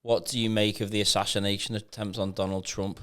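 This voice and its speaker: A man's voice: lowish voice, flat delivery, brisk, fairly bright tone. A man co-hosting a podcast, tossing short teasing prompts at his guest. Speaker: podcast co-host. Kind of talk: casual podcast chat.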